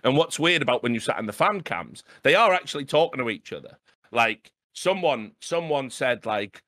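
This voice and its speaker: A man in his late thirties hosting a podcast, telling a story in an animated, sweary way and often asking "right?". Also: a little high, normal speed, no echo, studio quality. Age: 30s. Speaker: podcast host. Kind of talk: casual storytelling chat.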